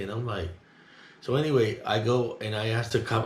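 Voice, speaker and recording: A middle-aged man telling a story in a rambling, indignant way, talking loud. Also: medium pitch, normal speed. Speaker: vlogger. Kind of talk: casual monologue, recounting an incident. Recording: roomy echo.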